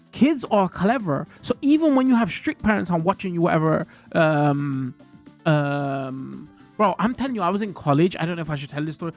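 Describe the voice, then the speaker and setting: A man, chatting casually to his stream viewers, rambling and slangy, full of fillers. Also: sits high.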